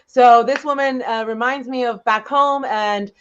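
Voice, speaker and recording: A woman's voice: on the high side, fairly even intonation, a little slow, clear, resonant tone, dull audio. A woman from New York City with a New York accent, hosting a live-streamed comedy open mic in a brash, joking way. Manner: brash, joking, laughs at her own lines.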